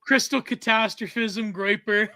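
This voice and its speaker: A man rambles happily through tangents as a podcast guest, his voice high and bright. The sound is close and dry, with no room in it. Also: steady tone, dry recording. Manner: rambling, quick tangents, laughs often. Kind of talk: casual chat.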